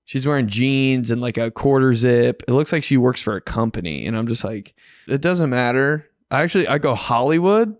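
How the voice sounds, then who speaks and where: A young man casually telling a comedic story, animated and slangy, jumping into higher voices for the people he quotes. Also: fairly quick, dry recording, studio quality. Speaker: podcast host telling a story.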